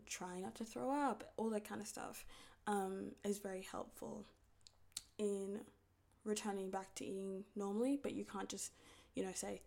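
A woman's voice: medium pitch, vocal fry, dark tone. A young woman giving candid, rambling advice in a casual talk, with many fillers. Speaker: video creator.

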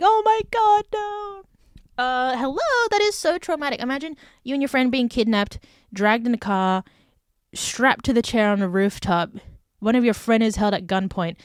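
Animated woman ranting on a podcast. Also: mid-range voice, dry recording, studio quality. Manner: animated storytelling with many "like" fillers and indignant outbursts. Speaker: podcast host. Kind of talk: casual solo podcast chat.

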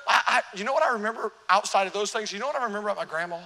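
Bright, animated preaching man. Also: high voice, very fast, few pauses. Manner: animated, humorous storytelling, asks the congregation questions. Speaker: pastor. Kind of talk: sermon. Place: church sanctuary. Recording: long church reverb.

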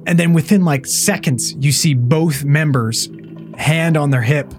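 Swearing paramedic telling a story. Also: male voice, fairly high pitch, a little slow, faint music behind. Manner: profane, animated storyteller who acts out what people said. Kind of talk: casual storytelling chat.

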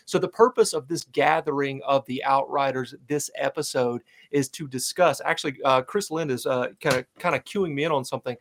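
A man's voice: mid-range voice, a little fast, few pauses, a little hiss or hum. A man hosting a casual fan podcast, upbeat and hype-driven, with lots of fillers and restarts. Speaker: podcast host. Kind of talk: casual fan-show chat.

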